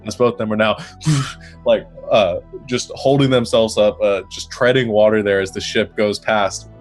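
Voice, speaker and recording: A man's voice: on the low side, fairly even intonation, faint music behind. A man narrating a tabletop game as game master, playful and laughing often. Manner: laughing often, playful, does quick character voices.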